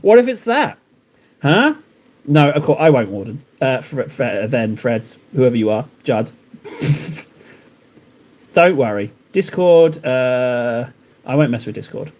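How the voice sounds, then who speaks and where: A man's voice: mid-range voice, very animated, takes it slowly, darkish tone. A man chatting casually on a live stream while painting miniatures, rambling and joking in reply to his viewers. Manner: rambling, joking replies to chat.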